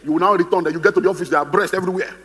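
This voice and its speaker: A man's voice: high voice, rapid-fire, fairly bright tone, in a large hall. A man with a Nigerian English accent, giving a humorous, theatrical seminar talk as a motivational speaker, acting out the voices he quotes. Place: conference hall on stage.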